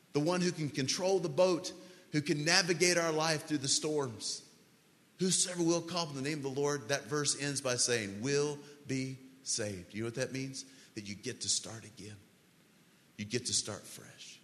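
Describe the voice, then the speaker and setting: Earnest pastor in a reverberant church hall. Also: male voice, a little high, a bit bright. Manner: earnest, slow and pleading, leading a prayer. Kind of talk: sermon altar call.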